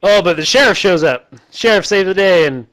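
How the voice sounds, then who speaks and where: A man recapping a terrible movie in a casual, rambling, deadpan way, quickly putting on the characters' voices. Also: high voice. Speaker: host recapping a bad movie.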